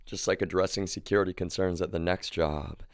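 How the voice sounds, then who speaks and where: Low, smooth-voiced man ranting on stream. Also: fairly even intonation, a little fast, no room sound, clean studio sound. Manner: agitated, profane, repeats "y'all" and "like". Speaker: live streamer. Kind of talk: rambling live-stream rant. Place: home.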